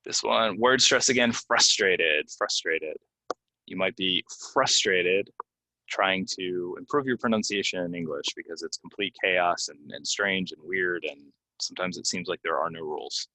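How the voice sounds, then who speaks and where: A man teaching English pronunciation from slides, repeating each word slowly and giving example sentences with many ums. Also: sits low, bright, forceful tone, no room sound, low-quality recording. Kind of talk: slide-based pronunciation lesson.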